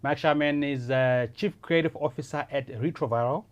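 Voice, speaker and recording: A man's voice: a little high, normal speed, clean tone. A man, hosting a casual interview podcast and chiming in often. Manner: lively, enthusiastic, lots of back-channel affirmations. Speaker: podcast host.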